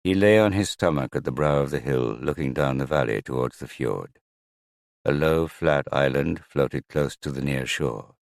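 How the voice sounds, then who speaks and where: Very deep-voiced man narrating a novel. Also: animated, normal speed, vocal fry, no room sound, clean studio sound. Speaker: audiobook narrator. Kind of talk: scripted narration.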